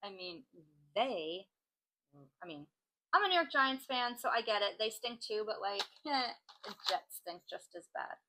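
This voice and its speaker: A woman's voice: medium pitch, lively intonation, unhurried, bright, forceful tone, slight background noise, low-quality recording. A woman hosting a crafting channel, chatting casually and joking as she reads out odd laws. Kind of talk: casual chat while crafting.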